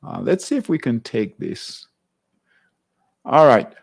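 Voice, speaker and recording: A man with a medium-pitched voice full of wildly swooping pitch and vocal fry takes his time as he hosts a live trading class. He goes through charts conversationally, checking in with viewers again and again with "all right?"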